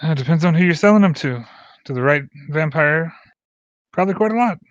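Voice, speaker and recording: A man's voice: mid-range voice, steady tone, racing, no echo, natural voice. A man voicing a sly, teasing woman. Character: sly wry woman, amused and knowing. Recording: muffled lo-fi mic.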